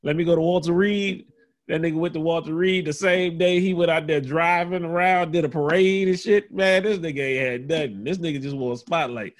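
Laid-back higher-voiced man. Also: fairly quick, few pauses. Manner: laid-back, profane, laughing. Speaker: podcast co-host. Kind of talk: casual chat.

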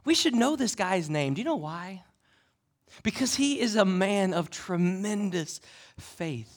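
Lively high-voiced male preacher. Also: measured pace. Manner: expressive preaching, swinging between loud emphasis and hushed asides. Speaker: pastor. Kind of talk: sermon.

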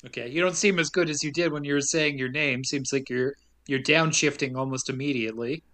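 A man hosting a casual podcast, lively and laughing often. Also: mid-range voice, fairly quick. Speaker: podcast host. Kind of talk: casual chat.

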